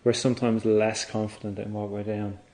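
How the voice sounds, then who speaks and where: A man giving a Buddhist dharma talk, reflective and halting, often restarting his phrases. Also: on the low side, flat delivery, warm tone. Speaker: Buddhist teacher.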